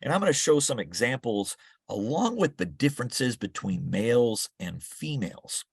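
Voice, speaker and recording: A man's voice: medium pitch, sing-song, normal speed, vocal fry, breathy edge, no room sound. A man giving an enthusiastic, conversational slide talk to a club meeting. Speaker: naturalist speaker.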